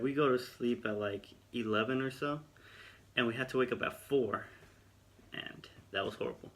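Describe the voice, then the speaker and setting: A man's voice: mid-range voice, normal speed, a bit bright. Young man telling a rambling story. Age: young adult. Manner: rambling, self-deprecating, conversational. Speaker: vlogger. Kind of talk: casual storytelling vlog.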